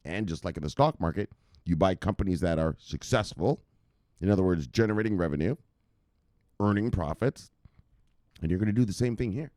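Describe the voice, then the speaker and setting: A man's voice: sits low, animated, brisk, pauses often, warm tone, dry recording, clean studio sound. A man hosting a crypto news show, giving hyped and profane casual market commentary straight to his viewers.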